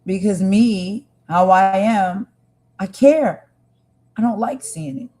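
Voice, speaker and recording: A woman's voice: medium pitch, animated, slow, warm tone. A woman hosting a livestream, talking earnestly and with passion to her viewers. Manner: earnest, impassioned, talks to viewers directly. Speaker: livestream host. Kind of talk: emotional livestream commentary.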